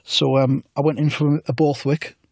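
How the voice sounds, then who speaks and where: Comedy podcast host, deadpan rambling storyteller, slightly higher male voice, dry sound. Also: normal speed, creaky, dry recording. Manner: deadpan, rambling absurd anecdotes.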